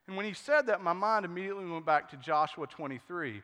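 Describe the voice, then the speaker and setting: A man pastor preaching a sermon, telling stories with lively acted-out quotes. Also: high voice, fast, few pauses, big-room sound. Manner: storytelling, animated, acts out quotes. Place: church sanctuary.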